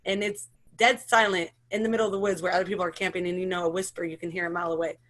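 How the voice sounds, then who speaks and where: A woman's voice: on the low side, little pitch movement, fairly bright tone. Thirties woman telling her story, emotional, keeps restarting sentences. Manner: halting, run-on sentences with many restarts. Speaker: interviewee, mother sharing her story. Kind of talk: emotional personal account.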